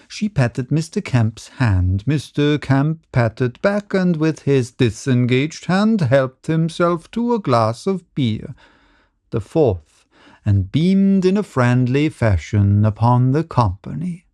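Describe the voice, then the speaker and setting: A man narrates a short story at an unhurried pace. His delivery is measured and steady, recorded close with no room sound. The pitch is middling. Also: no room sound. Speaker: audiobook reader.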